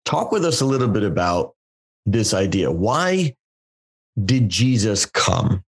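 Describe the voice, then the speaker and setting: A man's voice: fairly low pitch, big pitch swings, takes it slowly, husky. A male podcast host who speaks in a pastoral, affirming way. He frames long questions for his guest and praises him before asking. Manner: warm, affirming, asks long framing questions.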